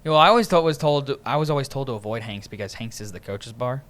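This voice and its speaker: A man's voice: medium pitch, animated, fast, a bit bright. A young man hosting a podcast, rambling through casual stories and laughing often. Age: young adult. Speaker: podcast host. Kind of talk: casual chat.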